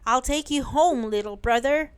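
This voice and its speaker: A woman's voice: sits high, moderate pace, clean tone, voice pushed up, lightly acted. A woman voicing a large, protective bear in a storybook, speaking steadily and reassuringly. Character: big protective gentle bear.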